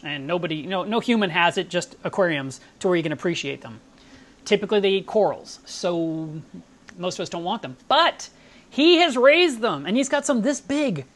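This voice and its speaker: Woman on a live stream just chatting away, excited and talky, telling stories. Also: medium pitch. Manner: enthusiastic, chatty storytelling. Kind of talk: casual live stream chat.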